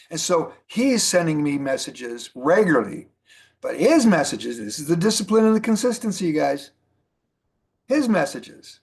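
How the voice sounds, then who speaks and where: Animated man giving a training talk. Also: on the high side, brisk, slightly rough. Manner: animated, repeats key points for emphasis. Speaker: network marketing trainer.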